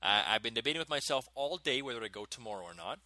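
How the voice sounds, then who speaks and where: A man in his thirties, a podcast co-host, telling stories in an animated way and laughing often. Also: mid-range voice, fast, dry recording. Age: 30s. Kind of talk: casual chat.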